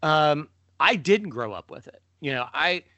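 A middle-aged man co-hosting a podcast, telling stories in a lively way and jumping up in pitch when he mimics people. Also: a little slow, dry recording. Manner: animated storyteller, mimics voices with sudden pitch jumps. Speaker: podcast co-host. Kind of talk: casual conversation.

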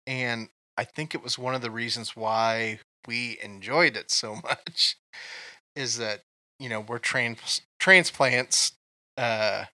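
A man's voice: mid-range voice, slow pace, pushed and bright, no room sound. A man from Kansas co-hosting a casual movie chat, telling rambling stories with many ums. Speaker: podcast co-host.

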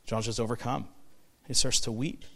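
A man preaching a sermon as pastor, reading scripture and explaining it with emphatic bursts and hushed, reflective stretches. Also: mid-range voice, moderate pace, creaky. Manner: animated, emphatic, swings from loud proclamation to hushed reflection.

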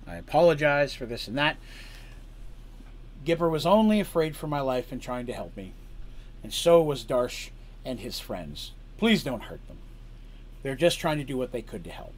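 A man's voice: medium pitch, expressive, normal speed, pauses often, lightly acted. A man voicing a pleading young princess. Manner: earnest, apologetic.

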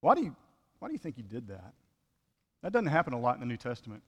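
A man's voice: medium pitch, wildly swooping pitch, fast talker, a bit bright, breathy edge, long reverb tail. A man preaching a conversational sermon as pastor, full of rhetorical questions.

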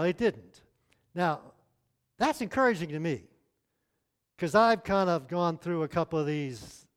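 A middle-aged man preaching a sermon in a conversational way, often asking the audience questions. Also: on the high side.

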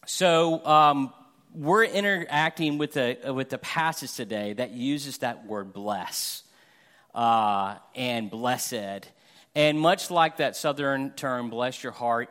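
Preaching as a guest pastor, a middle-aged man from Florida keeps things conversational and pokes fun at himself, playing out everyday scenarios for laughs. He has a mid-range, slightly bright voice.

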